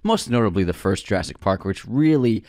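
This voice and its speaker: Earnest lower-voiced podcast man. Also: animated, fairly quick, darkish tone, dry recording, studio quality. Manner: earnest, stumbles over words. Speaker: podcast co-host. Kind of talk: casual film discussion.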